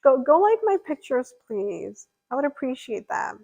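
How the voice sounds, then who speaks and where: A woman's voice: sits high, very animated, moderate pace, gravelly, darkish tone, poor audio. Young woman streamer rambling on, casual chat, lots of likes and ums. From California. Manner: chatty and rambling, lots of fillers. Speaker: livestreamer. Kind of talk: casual chat reading viewer comments.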